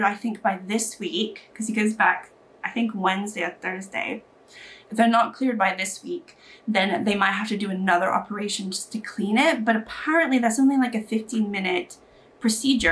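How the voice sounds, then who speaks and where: A woman's voice: mid-range voice, a bit bright. A woman beauty vlogger chatting casually while getting ready, rambling with lots of fillers. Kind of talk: chatty get-ready-with-me talk.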